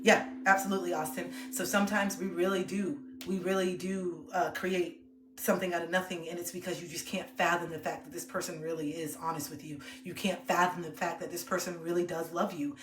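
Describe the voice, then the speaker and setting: A young woman livestreamer talking to her chat in a calm, earnest, open way. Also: on the low side, brisk, a little hiss or hum. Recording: roomy echo.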